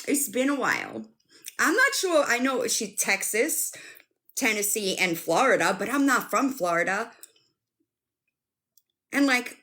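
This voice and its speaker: Animated woman chatting on a live stream. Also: mid-range voice. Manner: animated, chatty, swears and laughs often. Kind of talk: casual live-stream chat.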